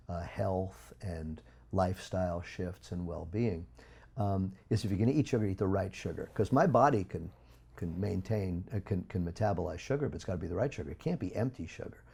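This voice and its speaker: A man speaking as an interview guest, talking in an emphatic, preachy way with big swings in loudness. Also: deep voice, moderate pace, creaky, breathy edge. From United States. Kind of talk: interview talk.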